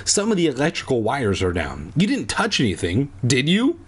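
A man's voice: mid-range voice, huge pitch swings, normal speed, slightly rough. A man reading a children's book aloud, voicing a stern young woman who owns a shop, snappy and scolding.

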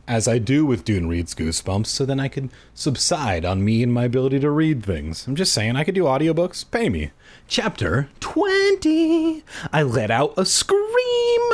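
A young man casually reading a story aloud, animated, with jokey asides and a husky voice. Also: mid-range voice. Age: young adult. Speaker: reader of books aloud.

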